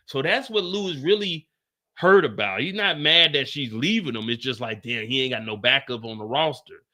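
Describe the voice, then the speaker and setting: A man's voice: mid-range voice, moderate pace. A man, giving a casual, slangy livestream recap of a TV episode. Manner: animated, slangy, acts out characters. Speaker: TV recap host. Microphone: streaming mic.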